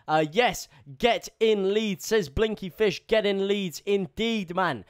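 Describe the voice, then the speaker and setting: A man streaming live, giving excitable running commentary on a football match and repeating himself. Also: sits high, slow, few pauses, smooth.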